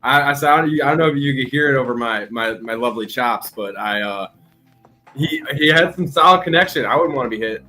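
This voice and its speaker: A man's voice: mid-range voice, brisk, pushed and bright, soft background music. A man chatting casually on a livestream, self-deprecating and laughing at himself.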